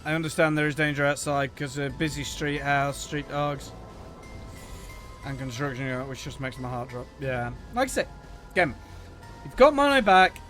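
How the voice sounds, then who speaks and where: A man's voice: a little high, animated, normal speed, a bit bright, faint music behind. A man streaming a video game, reading the characters' lines aloud in playful put-on voices and joking between them. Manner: playful, puts on voices and jokes while reading. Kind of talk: let's play, reading game dialogue aloud.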